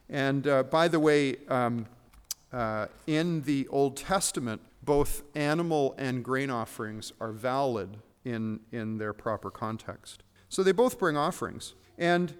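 A man preaching a sermon as pastor, earnest and emphatic, with frequent fillers and restarts. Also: mid-range voice. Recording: long hall reverb.

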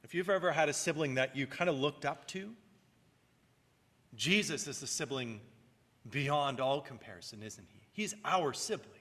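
A man's voice: fairly high pitch, pushed and bright. Earnest preaching man in a reverberant hall. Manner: earnest, rising and falling emphasis, repeats words at times. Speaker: pastor. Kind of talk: sermon.

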